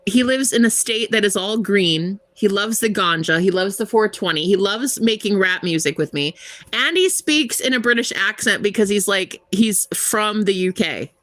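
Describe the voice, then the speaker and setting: Young woman, US-American, talks to her stream viewers, giggly, rambling, lively voice that jumps around, dry close sound. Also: medium pitch, normal speed, no room sound. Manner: giggly, rambling, playful, lots of "like". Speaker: tarot reader livestream host. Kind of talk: casual chat with live viewers.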